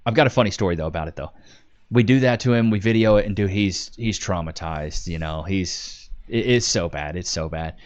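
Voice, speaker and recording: A man in his twenties chatting casually on a live stream, telling wild stories and reading comments aloud with animated swearing and laughter. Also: low voice, a little fast, highs cut off. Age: 20s.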